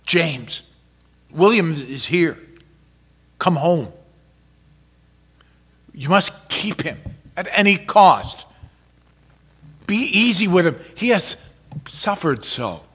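A man voicing a gentle loving mother. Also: fairly high pitch, very animated, takes it slowly, long pauses, husky, exaggerated voice. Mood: urgent. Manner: soft, tender, at times hushed.

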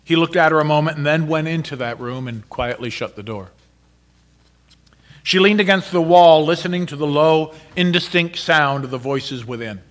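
A man narrating a story in a measured, dramatic reading style. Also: fairly high pitch, fairly bright tone.

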